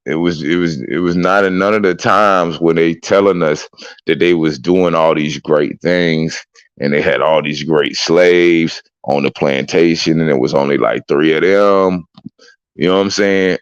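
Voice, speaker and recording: A man chatting casually as a streamer, excitable and profane with loud whoops. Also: sits low, measured pace, smooth, no room sound, dull audio. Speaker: streamer reacting to clips. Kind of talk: casual reaction chat.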